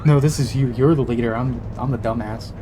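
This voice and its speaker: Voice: medium pitch, fairly even intonation, brisk, over music. A player chatting casually over a game, swearing often and mocking themselves. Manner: swearing, laughing, self-mocking. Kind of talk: casual gaming chat.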